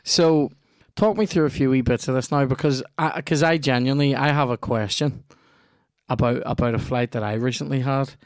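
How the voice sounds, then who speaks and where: Sweary Northern Irish podcast host. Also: male voice, mid-range voice, moderate pace, no echo, clean studio sound. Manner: sweary, joking, laughs often. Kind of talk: casual podcast chat and ad read.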